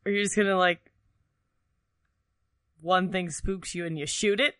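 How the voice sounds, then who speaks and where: Hyped player blurting stuff out, bright edgy voice, mid pitch. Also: unhurried, no room sound, clean studio sound. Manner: excitable, swears and blurts reactions. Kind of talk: casual tabletop game play.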